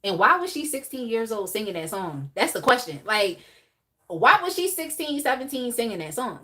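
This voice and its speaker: A young adult woman hosting a live tarot reading, talking in a casual, animated way with laughs and chatty asides. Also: fairly high pitch, moderate pace. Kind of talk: casual live-stream chat.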